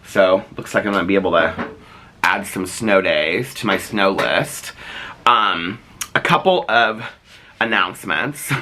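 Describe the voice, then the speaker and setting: A man with a low but forceful, bright-edged voice, talking casually to his camera as a daily vlogger. He rambles from topic to topic, with frequent fillers and restarts in a loose, chatty flow.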